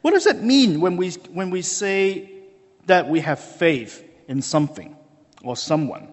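Man preaching in a church, kinda high voice, rambly storytelling with lots of "you know", big reverb tail. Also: expressive, a little slow. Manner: chatty and storytelling, many fillers, acts out dialogue. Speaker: hospital chaplain preaching. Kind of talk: conversational sermon with a story. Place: church sanctuary.

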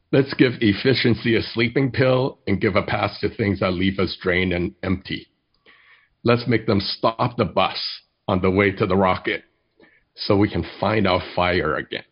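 A man preaching a sermon as pastor, telling stories in a measured way and reading poetry slowly. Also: lowish voice, husky, lo-fi sound.

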